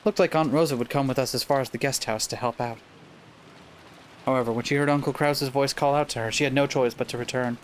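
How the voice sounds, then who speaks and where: A man reading a visual novel aloud for a let's play, then chatting about it in a relaxed, casual way. He trips over words now and then and carries on. A faint hiss of room noise sits under his voice. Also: medium pitch, fast. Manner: reads the script aloud, stumbles over words and laughs it off. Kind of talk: casual playthrough chat, reading game text aloud.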